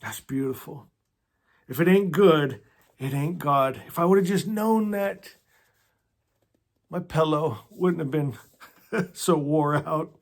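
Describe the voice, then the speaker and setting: Earnest guy running a book club, a bit high-voiced, stumbles and restarts, goes hushed and soft a lot. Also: vocal fry. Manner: earnest and emotional, halting with restarts, often dropping to a soft hush. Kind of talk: casual book discussion with read-aloud passages.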